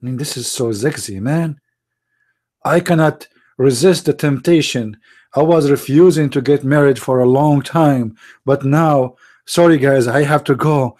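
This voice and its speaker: A man, hosting a mocking commentary on pictures he shows, sarcastic and laughing with mock excitement. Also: medium pitch, a little slow. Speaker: channel host.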